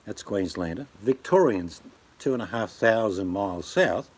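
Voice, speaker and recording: A man's voice: fairly low pitch, lively intonation, moderate pace, husky. An older Australian man with an Australian accent, chatting casually on his channel in a rambling, jokey way. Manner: rambling, jokey, swaps into impressions. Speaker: channel host. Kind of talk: casual chat.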